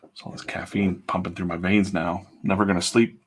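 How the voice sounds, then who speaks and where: A man's voice: low voice, little pitch movement, a little fast, slightly rough. A middle-aged man, a comic artist, chatting casually while he draws on a live stream, blunt and prone to fired-up pep talks with mild swearing.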